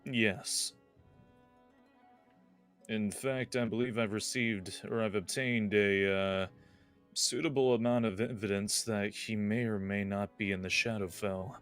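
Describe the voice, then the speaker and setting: A man's voice: lowish voice, steady tone, a little slow, a bit bright, clear, resonant tone, faint music behind. A player voicing his character, a formal and composed young male scholar of noble birth, in a tabletop game.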